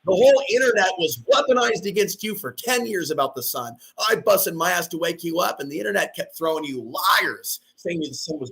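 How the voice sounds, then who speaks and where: A ranting male vlogger with a slightly high voice. He talks aggressively and profanely, hammers on repeated phrases, and often bursts into shouting. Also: expressive, fairly quick, creaky, few pauses. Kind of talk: ranting monologue.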